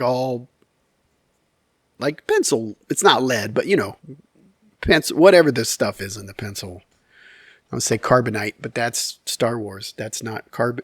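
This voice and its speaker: A man of medium pitch tells a casual, rambling story straight to his viewers, full of ums and restarts. His humor is wry and self-deprecating. The sound is dry and close, with no room echo. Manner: rambling and candid, with many fillers and self-corrections. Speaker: YouTube storyteller.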